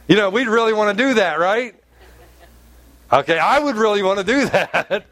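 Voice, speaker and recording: A man preaching a sermon as pastor, animated and storytelling, laughing often. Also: sits high, normal speed, dry recording.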